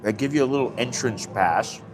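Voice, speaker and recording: In Thailand over coffee, a US-born male vlogger talks a bit fast in a mid-range voice during a relaxed live stream. His story rambles chattily as he performs the dialogue, and music plays noticeably in the background.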